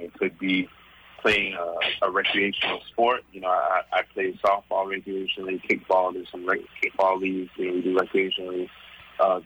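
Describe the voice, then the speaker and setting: Very deep, bright-toned fitness guest. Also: male voice, breathy edge, muffled recording. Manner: explaining, many "um" fillers and "right?". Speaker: guest, fitness coach and former boxer. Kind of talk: casual radio interview.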